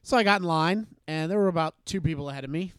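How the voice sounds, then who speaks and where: Guy podcast host rambling through a story, um and uh everywhere, kinda high voice, dry close mic. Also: quick pace, smooth, no echo. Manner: animated anecdote-telling with many fillers and restarts. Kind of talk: casual chat, storytelling.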